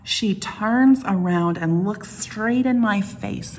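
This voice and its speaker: A woman's voice: mid-range voice, slow, few pauses, darkish tone. A middle-aged woman pastor delivering a conversational sermon, telling stories with playful asides. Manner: chatty storytelling with playful asides.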